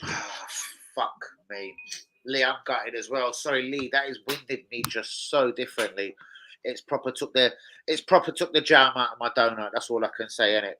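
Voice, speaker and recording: A young man hosting a live football watch-along, swearing heavily and bursting into shouts of frustration. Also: medium pitch, moderate pace, slight background noise. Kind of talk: casual live football reaction.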